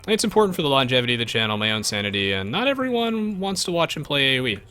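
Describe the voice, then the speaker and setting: A man's voice: medium pitch, racing, clear, resonant tone, soft background music. A man live-streaming a strategy game, chatting to viewers and reading their messages. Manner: animated, chatty, jumps between game and viewers. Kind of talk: live gameplay commentary, reading chat.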